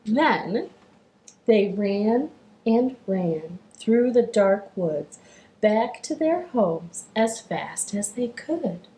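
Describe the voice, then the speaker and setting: Lady doing kids storytime from her living room, bouncy voice, slow and clear, echoey. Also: mid-range voice, a little hiss or hum. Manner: animated and encouraging. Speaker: children's storytime host. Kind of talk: reading aloud to children.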